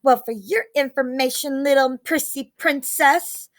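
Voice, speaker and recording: A woman's voice: high-pitched, steady tone, measured pace. Casting: woman voicing a talkative little schoolboy, matter-of-fact, storybook read-aloud. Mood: chatty. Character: confident young schoolboy classmate.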